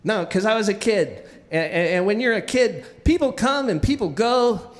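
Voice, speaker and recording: A man telling a childhood story live on stage, animated and often restarting with repeated words. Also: high voice, moderate pace, big-room sound.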